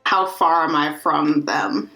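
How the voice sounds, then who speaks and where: A woman's voice: deep voice, fairly even intonation, slow, pushed and bright, soft background music, low-quality recording. A woman player asking about the game, upbeat and inquisitive. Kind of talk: casual tabletop game chat.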